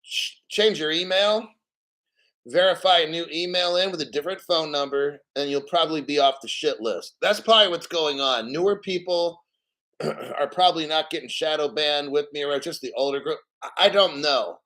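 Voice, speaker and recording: A man's voice: on the high side, moderate pace, pushed and bright. A man giving casual live commentary on the news, blunt and profane, a little out of breath. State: slightly out of breath.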